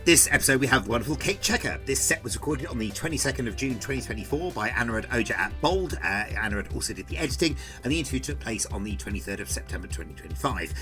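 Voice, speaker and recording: A man hosting a podcast, reading a brisk and upbeat scripted intro. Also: medium pitch, animated. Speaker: podcast host and MC. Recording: voice-over with loud intro music. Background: theme music.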